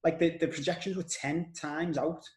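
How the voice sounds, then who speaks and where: A man with a Scouse accent hosting a podcast, telling stories in an animated, casual way and swearing now and then. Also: a little high, normal speed, roomy sound, rough recording. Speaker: podcast host. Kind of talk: casual conversational podcast chat.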